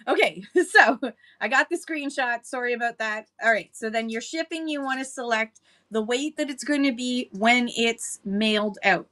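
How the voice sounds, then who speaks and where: Woman host, casual live-chat delivery, bright and slightly high, chatty with frequent laughs. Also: moderate pace, a little hiss or hum. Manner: chatty, laughs often, greets viewers by name. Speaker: livestream seller host.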